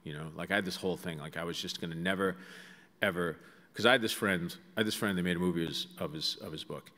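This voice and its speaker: Man, lower voice, comic storyteller on stage, chatty with asides, long hall reverb. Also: fast talker. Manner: chatty, animated, full of asides and fillers. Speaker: guest speaker. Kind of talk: comic storytelling to a live audience. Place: large auditorium.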